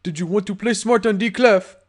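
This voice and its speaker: A man's voice: high voice, a little fast, pitched above the performer's own voice. Man voicing a crude pony gangster. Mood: furious. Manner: taunting, swaggering, profane. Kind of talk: fan audiobook character voice.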